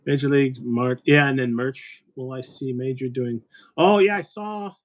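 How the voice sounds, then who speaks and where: A man's voice: medium pitch, normal speed. A man from Illinois hosting a casual chat, rambling and joking as he talks. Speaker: host.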